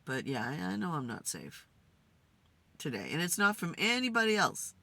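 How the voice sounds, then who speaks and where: A tired woman speaks to spirits in an unhurried, musing way, pausing and drifting between thoughts. Her voice has a gravelly fry under a bright, forward tone. She sounds low on energy and yawns now and then. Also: big pitch swings, dry recording. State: tired, yawning. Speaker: spirit communicator and channel host. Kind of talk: casual spirit session monologue. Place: in a car.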